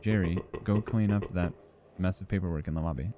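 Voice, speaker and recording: A man's voice: deep voice, a little fast, warm tone, slight background noise, lightly acted. A man reading as a stern office boss. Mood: bossy. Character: stern middle-aged male office boss. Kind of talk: reading game dialogue aloud.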